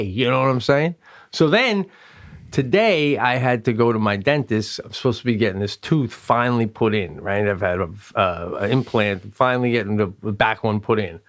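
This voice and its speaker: A man co-hosting a podcast, telling casual comedic stories and acting out quotes with jumps in his voice. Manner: animated, acts out quotes in high voices. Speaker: podcast co-host.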